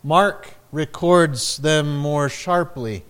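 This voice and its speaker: Slow, measured male preacher. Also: fairly high pitch. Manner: slow, measured preaching with dramatic quoted lines. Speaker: pastor. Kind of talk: sermon.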